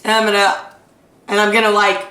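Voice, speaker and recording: A woman's voice: mid-range voice, monotone, a little fast, sharp tone. A woman playing a tabletop game, describing her actions in a rambling, hesitant way. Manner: rambling, hesitant, full of fillers. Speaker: player. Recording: roomy, distant mic.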